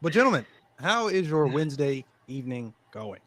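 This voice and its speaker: A man's voice: on the high side, sing-song, normal speed, a bit bright, no echo. A man hosting a casual online talk show, opening it in an announcer-style hype voice before chatting loosely with his co-hosts. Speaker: podcast host. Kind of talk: casual chat.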